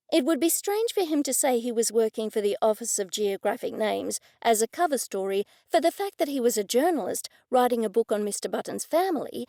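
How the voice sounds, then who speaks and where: Lady reading an audiobook, first person, gravelly, mellow dark tone, dry sound. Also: a little high, no room sound. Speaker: audiobook narrator. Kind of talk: scripted first-person narration.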